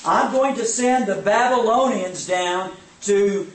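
A man voicing a calm, assured male deity who speaks in a reassuring way. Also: sits high, slow. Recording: echoey room, mic at a distance.

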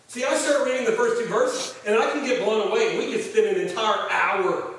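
A man's voice: very high voice, brisk, fairly bright tone, slight background noise. A man preaching a conversational sermon as pastor, acting out quoted voices, recorded from far off in a large room. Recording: echoey hall, voice from far off.

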